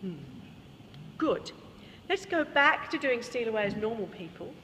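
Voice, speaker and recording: A woman's voice: a little high, lively intonation, measured pace, bright, forceful tone. An Australian woman leading a choir workshop, explaining vocal technique and singing short examples. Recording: reverberant hall, faint room noise.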